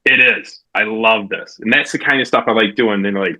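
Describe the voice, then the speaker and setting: A man's voice: fairly low pitch, sing-song, bright, forceful tone, breathy edge, rough recording. A man hosting a business podcast and telling stories casually, acting out the quoted dialogue. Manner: fast storytelling with quoted dialogue. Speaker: podcast host, real estate coach. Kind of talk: casual interview chat.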